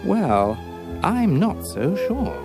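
An actor playing a brisk, eager Victorian gentleman detective, bantering in an upper-class way in an audiobook drama. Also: high voice, huge pitch swings, music in the background, exaggerated voice.

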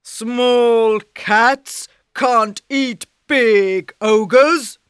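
A woman voicing a big, ugly male ogre in a storybook, slow and threatening. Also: clear, resonant tone, no echo, studio quality. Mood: menacing. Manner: slow, booming, menacing. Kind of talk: storybook reading.

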